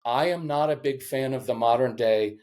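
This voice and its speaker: A man's voice: medium pitch, normal speed. A man in his fifties, a parenting coach giving advice in an interview, talking intensely and acting out what parents and children say. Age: 50s. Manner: intense, animated, acts out quoted voices.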